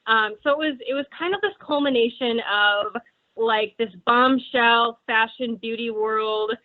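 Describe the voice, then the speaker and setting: A woman's voice: a little high, unhurried. A woman in her twenties from Wisconsin with an Upper Midwest accent, chatting as an interview guest with lots of fillers. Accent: Upper Midwest American. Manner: chatty, many fillers like "um" and "you know". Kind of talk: casual interview chat. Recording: tinny phone-like line.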